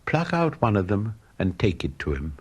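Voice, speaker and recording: A man voicing a grave, gentle prince statue who speaks softly and commands with sorrow. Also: fairly low pitch, sing-song, moderate pace, slightly rough.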